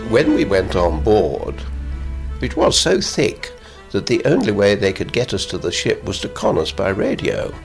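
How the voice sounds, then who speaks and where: A man's voice: fairly low pitch, huge pitch swings, normal speed, vocal fry, over music. An older man, a former governor, recalling an old royal visit in a chuckling, rambling way with many restarts. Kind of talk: anecdotal interview recollection.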